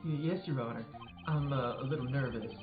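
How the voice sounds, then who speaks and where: A man's voice: mid-range voice, fairly quick, reverberant, phone-quality sound, over music, natural voice. A man voicing a jittery rookie lawyer. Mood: nervous. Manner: shaky, stammering, jittery. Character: nervous rookie male defense attorney.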